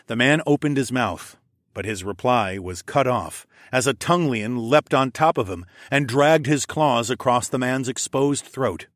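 Man, audiobook narration, measured, medium pitch, dry studio sound. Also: a bit bright, dry recording. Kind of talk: scripted first-person narration.

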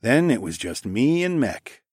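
A man narrating a first-person fantasy audiobook, lively and casual, giving the characters their own voices. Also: mid-range voice, a little slow, breathy edge, no echo, clean studio sound.

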